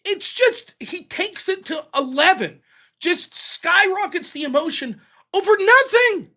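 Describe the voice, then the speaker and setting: A man's voice: very high voice, sing-song, measured pace, sharp tone. A man hosting a livestream, ranting casually and profanely about a debate, laughing often. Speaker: livestream host.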